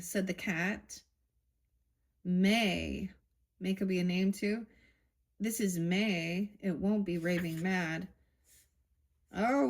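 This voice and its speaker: A woman giving a tarot reading, musing aloud and halting with fillers as she reads from a book. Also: fairly low pitch. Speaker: tarot reader.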